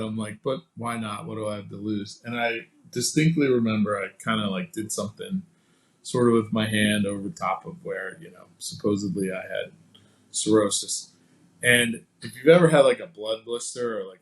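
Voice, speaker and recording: A man guesting on a podcast, telling a personal story in a casual, animated way and acting out the quoted dialogue. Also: lowish voice, poor audio. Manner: casual, many fillers like "like" and "you know".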